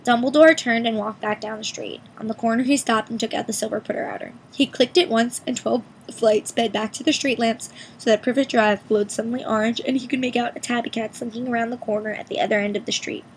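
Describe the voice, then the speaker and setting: A woman's voice: a little high, fairly even intonation, fast, few pauses, rough recording. A woman reading a storybook aloud expressively, voicing each character herself, over a faint hiss. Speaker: reader. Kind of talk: audiobook reading with character voices.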